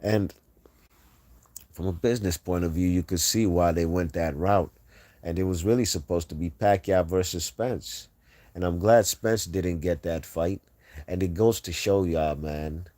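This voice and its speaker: Trash-talking male boxing streamer, low voice. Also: a little slow, dry recording. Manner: animated, trash-talking, reads chat aloud. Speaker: boxing livestream host. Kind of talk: casual livestream commentary.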